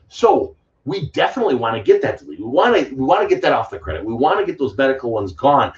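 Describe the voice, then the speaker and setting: Man, credit repair coach, live Q&A, blunt, emphatic, rambling, mid-pitched voice, muffled sound. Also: sing-song, fast talker. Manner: blunt, emphatic and rambling, with sudden loud outbursts. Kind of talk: live Q&A stream. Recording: distant mic, dull muffled sound.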